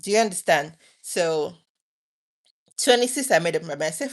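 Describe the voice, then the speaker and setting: A woman in her thirties with a fairly low voice speaks to her viewers in a late-night personal talk. She is earnest and openly emotional, and she often breaks off and restarts her sentences. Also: lively intonation, normal speed. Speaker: vlogger.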